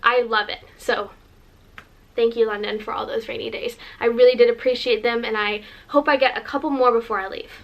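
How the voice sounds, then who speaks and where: A bubbly woman in her twenties talks straight to camera in a rambling, gushing vlog. Her voice sits a little high, and she pads her sentences with likes. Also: steady tone, brisk, highs cut off. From Northern California, USA. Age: 20s. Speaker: vlogger. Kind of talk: casual chatty vlog.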